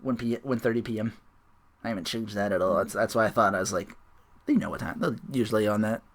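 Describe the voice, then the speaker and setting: A man hosting a casual wrestling chat show, animated and laughing often as he acts out quotes. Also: lowish voice, fast. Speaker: podcast host.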